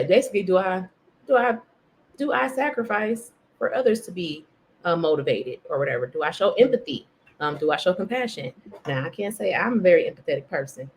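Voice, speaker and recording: A woman's voice: fairly low pitch, sing-song, normal speed. A woman hosting a faith podcast, chatting casually and self-mockingly while reading from a devotional. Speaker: podcast host.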